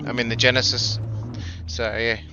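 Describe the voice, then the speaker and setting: A man's voice: medium pitch, flat delivery, normal speed, lo-fi sound, background noise. A man chatting casually with viewers while he streams a racing game. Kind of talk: casual live-stream chat. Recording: game music underneath. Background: racing game music and car engines.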